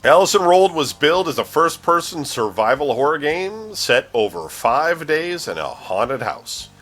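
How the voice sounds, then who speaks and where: A man's voice: fairly high pitch, big pitch swings, unhurried, a bit bright. A man hosting a casual gaming news show, joking and laughing as he reads the week's releases. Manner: jokey, laughs often, stumbles over names. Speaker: news host. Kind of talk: casual podcast chat reading news.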